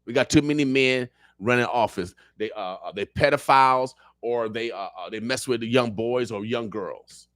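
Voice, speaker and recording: As a guest in a radio studio, a man talks politics with fiery, preacher-like passion, repeating phrases for emphasis. His mid-range, slightly bright voice moves at a moderate pace with few pauses, in a dry, clean studio recording.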